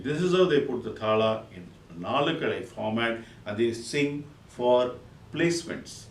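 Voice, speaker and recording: A man's voice: mid-range voice, expressive, moderate pace, heavy background noise. Man teaching rhythm from across a roomy space. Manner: counts beats aloud and recites drum syllables in bursts. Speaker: music teacher. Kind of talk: spoken music lesson with counting and rhythm syllables. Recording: echoey room, voice from a distance.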